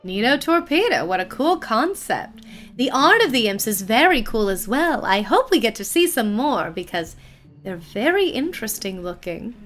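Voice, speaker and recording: A woman's voice: a little high, very animated, normal speed, a bit bright. A woman streaming a mystery game, chatting with viewers and playing up a theatrical detective act. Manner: playful, theatrical detective banter. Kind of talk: casual game commentary.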